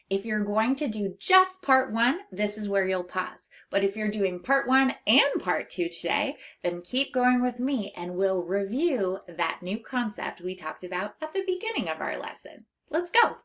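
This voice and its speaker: A woman teacher giving a phonics lesson to young children in a slow, clear, sing-song voice. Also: mid-range voice, very animated, a bit bright. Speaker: reading teacher.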